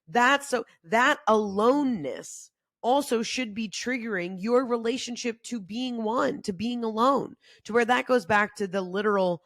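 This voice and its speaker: A young adult woman hosting a casual self-help talk, chatty and animated, acting out quotes with big jumps in her voice. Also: a little high, a little slow, no echo, studio quality. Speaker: podcast host.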